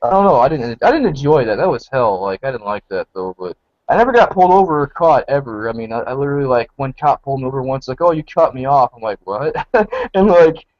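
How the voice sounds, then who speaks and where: A man's voice: medium pitch, very animated, fast talker, darkish tone, no room sound, highs cut off. A man in his late twenties telling rambling stories in a casual group chat, full of fillers. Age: 20s. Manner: rambling, filler-heavy storytelling. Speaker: participant.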